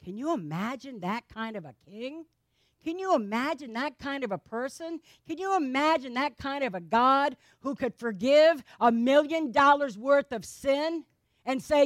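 A woman's voice: sits high, no echo, clean studio sound. A woman preacher giving a sermon in a conversational way, questioning the congregation with playful asides.

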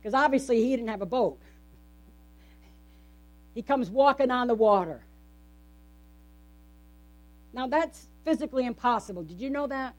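A woman's voice: fairly high pitch, lively intonation, normal speed, long pauses. A woman pastor delivering a conversational sermon in a church, often asking the congregation questions. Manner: conversational, asks the congregation frequent rhetorical questions.

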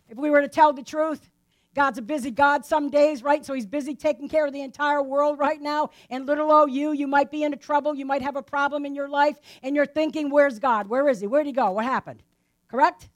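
High-voiced woman preaching conversationally. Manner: asks the listeners rhetorical questions, tags lines with "right?". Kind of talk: conversational Bible teaching.

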